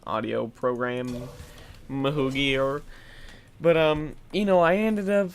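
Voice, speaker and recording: A man's voice: medium pitch, takes it slowly, slight background noise. A young man talks over his gameplay in a loose, meandering way, drifting into side stories and poking fun at himself. He curses freely and keeps coming back to the game between tangents. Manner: rambling, self-deprecating, swears a lot. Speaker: let's play commentator. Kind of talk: casual gameplay commentary.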